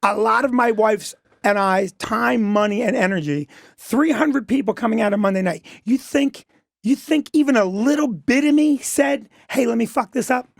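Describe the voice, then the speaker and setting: A middle-aged man with a gravelly, creaky voice, recorded dry and close. He talks emphatically and defensively, leaning on "listen" and "okay" as he tells his side as a club owner on a radio talk show. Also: extremely high pitch, normal speed, no room sound. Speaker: comedy club owner and guest.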